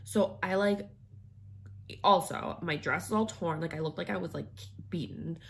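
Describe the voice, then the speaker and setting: Low, gravelly woman rambling through a story. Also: normal speed, a bit bright, a little hiss or hum. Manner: rambling, heavy use of filler words. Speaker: vlogger. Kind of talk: personal storytelling.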